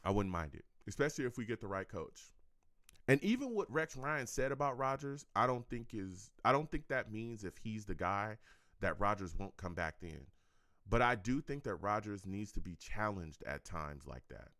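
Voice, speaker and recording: A man's voice: fairly low pitch, normal speed, dry recording, clean studio sound. A young man hosting a sports live stream, reading viewer comments in a casual chat and repeating himself with frequent laughs. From California. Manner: animated, laughs often, repeats phrases.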